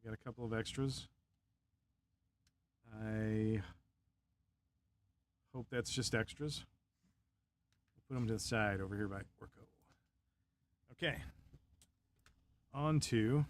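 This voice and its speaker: A man's voice: lowish voice, takes it slowly, pauses often, a little hiss or hum. A young man on a casual live stream, chatting in a laid-back way, chuckling often and muttering to himself as he builds a model.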